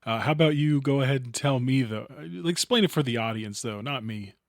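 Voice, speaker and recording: A man's voice: mid-range voice, fairly quick, creaky, dry recording, clean studio sound. A man co-hosting a horror film podcast in a casual, chatty, joking way. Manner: laid-back, chatty, joking. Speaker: podcast co-host. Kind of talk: casual chat.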